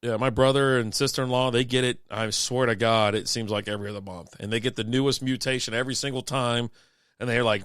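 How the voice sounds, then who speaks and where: A man with a smooth, resonant voice tells rambling, profane stories on a casual beer-and-sports stream, laughing often along the way. He is sick and has a lingering cough. The recording is dry and close, with no room sound. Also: mid-range voice, fast talker, fairly bright tone, no room sound. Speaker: podcast co-host.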